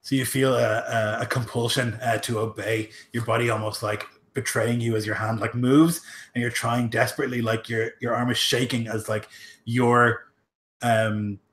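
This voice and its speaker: A man's voice: medium pitch, level tone, moderate pace, a bit bright, a little hiss or hum. A man narrating as game master, rambling with lots of filler words. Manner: rambling, heavy use of "like" and "um".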